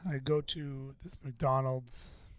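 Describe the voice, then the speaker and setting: A man's voice: medium pitch, level tone, takes it slowly, dry recording. A man hosting a podcast, telling a story in a rambling, profane, self-deprecating way. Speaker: podcast host. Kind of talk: casual venting monologue.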